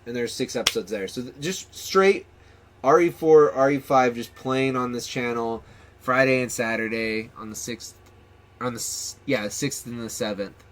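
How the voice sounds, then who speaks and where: A man hosts his gaming channel in an easygoing, meandering way, trailing into ums and restarting his sentences. His voice sits at an ordinary pitch for a man but carries a bright, forward edge. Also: moderate pace, slight background noise. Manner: loose and rambling, with ums and restarts. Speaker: channel host. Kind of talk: casual gaming channel chat.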